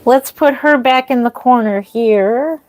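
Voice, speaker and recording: A woman's voice: a little high, unhurried, a little mellow. Chatty woman livestreaming from home. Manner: rambling, chatty, with frequent restarts and laughs. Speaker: reborn doll artist hosting a livestream. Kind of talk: casual livestream chat. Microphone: phone or camera mic, walks away at times.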